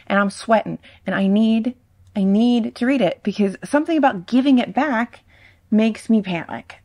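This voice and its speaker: A woman's voice: medium pitch, lively intonation, brisk, a little mellow. A woman booktuber chatting to camera about her reading goals in a casual, self-mocking and emphatic way, recorded at home on a sensitive condenser mic. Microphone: ASMR-style condenser mic.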